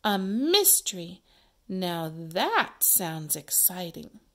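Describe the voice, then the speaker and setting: Woman reading as an eager young girl sleuth, bold and lively, school play read-aloud. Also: medium pitch, slow pace. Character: curious young girl detective, Lon.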